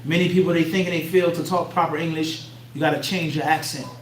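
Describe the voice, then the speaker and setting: A man's voice: a little high, steady tone, fast talker. A man with a Philadelphia accent giving an Islamic lecture to a class, bluntly streetwise, tossing out rhetorical "what?" questions for listeners to answer. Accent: Philadelphia American. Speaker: Islamic teacher. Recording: echoey room, mic far off, faint hum.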